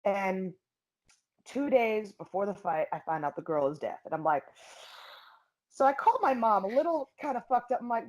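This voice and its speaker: A woman's voice: mid-range voice, moderate pace, poor audio. Blunt, profane young woman telling stories. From Philadelphia. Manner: blunt, profane, animated storyteller. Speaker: MMA fighter, guest. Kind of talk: casual interview storytelling.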